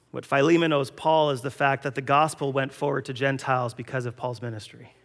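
A man's voice: mid-range voice, a bit bright, big-room sound. A man preaching a sermon, telling a story and acting out the voices in it. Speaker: pastor.

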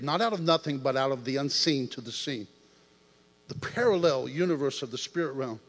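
High-voiced man preaching in a reverberant hall. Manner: animated and joking, acts out voices. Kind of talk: sermon. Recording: long reverb of a large hall.

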